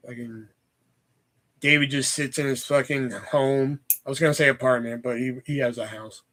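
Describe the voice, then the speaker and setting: A man's voice: medium pitch, steady tone, normal speed, bright, forceful tone. A man hosting a casual livestream, chatting with viewers in a profane, joking, rambling way. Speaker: livestream host.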